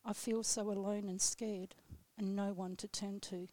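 A woman guest on a radio show reading her own poem aloud in a slow, solemn, measured way. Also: mid-range voice, level tone, dark tone, no room sound. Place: radio studio.

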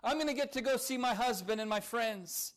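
A preacher voicing an elderly, devout woman who scolds gently and joyfully. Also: a little high, lively intonation, takes it slowly. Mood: joyful scolding. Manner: chiding, joyful.

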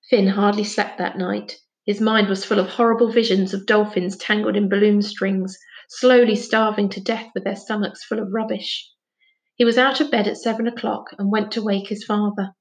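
A woman calmly narrating a children's novel aloud. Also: mid-range voice, normal speed. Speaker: storybook reader.

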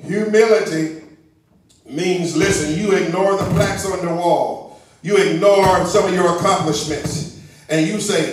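A man preaching a sermon as pastor, with rhythmic call-and-response phrasing that rises to shouts, in a church sanctuary. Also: sits high, a little slow. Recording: echoey church hall, mic at a distance. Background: congregation responding.

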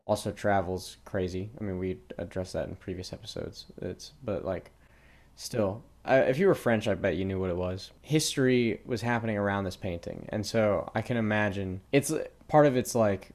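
A man's voice: lowish voice, moderate pace, darkish tone. A young man co-hosting a podcast, rambling casually with lots of "like" and asking curious questions. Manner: rambling, filler-heavy, asks many questions. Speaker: podcast co-host. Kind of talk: casual chat.

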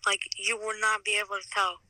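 Bright-voiced teenage boy rambling. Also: sits high, completely flat delivery, a little fast, dry recording, poor audio. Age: teens. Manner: rambling, hesitant, lots of fillers and swearing. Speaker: guest. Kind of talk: casual chat.

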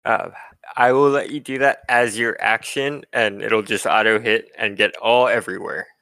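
A man's voice: on the low side, fairly even intonation, moderate pace, sharp tone, no room sound. A man running a tabletop game over an online voice call, laid-back with laughing asides. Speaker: game master.

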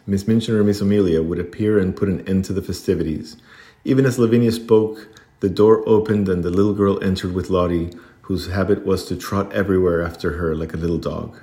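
Deep-voiced man reading a storybook. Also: steady tone, fairly quick, mellow. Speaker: audiobook narrator. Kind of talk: storybook narration.

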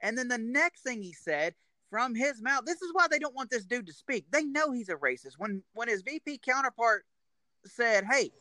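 A man's voice: extremely high pitch, sing-song, moderate pace, bright, forceful tone, dry recording. A man co-hosting a podcast, making his points in emphatic, insistent casual chat. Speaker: podcast co-host.

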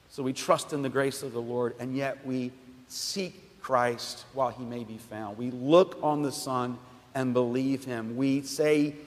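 A man preaching a sermon as pastor, emphatic and conversational, often restarting his phrases. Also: mid-range voice. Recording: long hall reverb.

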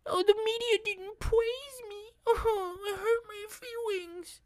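A commentator mocking a sulking male politician in a high, whining, mock-crying voice. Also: steady tone, slow pace, no echo. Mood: whiny.

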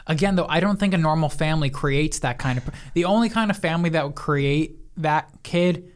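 A man's voice: fairly high pitch, a little fast. Male co-host, casual podcast chat, opinionated and blunt. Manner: opinionated, offers blunt takes.

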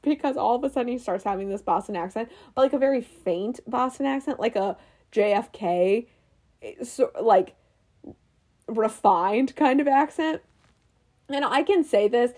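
A young woman with a slightly raised pitch talks in a casual, rambling chat. She restarts her sentences often and laughs easily as she tells the story. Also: a little mellow. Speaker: movie review vlogger. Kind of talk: casual chat recapping a movie.

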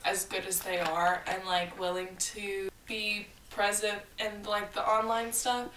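A woman's voice: mid-range voice, flat delivery, measured pace, fairly bright tone, distant mic. A young woman talking casually, chatty and laughing often, with lots of fillers. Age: young adult. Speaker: co-host. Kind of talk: casual chat. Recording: roomy sound, faint background noise, a little off the mic.

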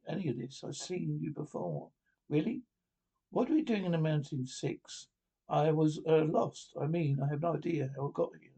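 A man reads a drama aloud and voices every role himself, often stumbling and restarting his lines. His voice is mellow and sits somewhat high for a man. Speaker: reader voicing every part.

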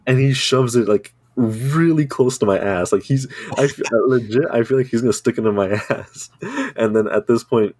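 A man's voice: mid-range voice, normal speed, darkish tone, breathy edge, dry recording. A young man telling a crude, funny story in casual chat, often breaking into laughter.

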